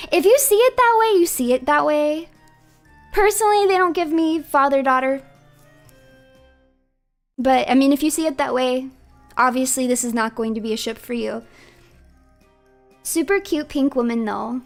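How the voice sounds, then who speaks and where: A woman livestreamer chatting casually in an animated, playful way, laughing often. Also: high-pitched. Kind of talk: casual chat.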